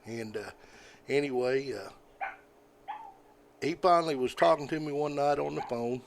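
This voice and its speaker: An older man, a podcast guest telling stories in a folksy, rambling way, often halting with fillers. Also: mid-range voice, slight background noise. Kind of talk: casual storytelling.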